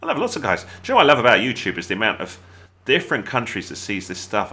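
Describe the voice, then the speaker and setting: Bright, lively English gaming tutor. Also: male voice, deep voice, quick pace, hardly any pauses. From England. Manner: chatty, excitable, jokey asides. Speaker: gaming YouTuber. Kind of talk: casual gameplay tutorial voice-over.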